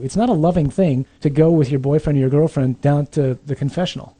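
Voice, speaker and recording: A man's voice: fairly high pitch, fast talker, few pauses, mellow, slight background noise. A man, a priest, giving a conversational sermon to young adults, emphatic with dry humorous asides.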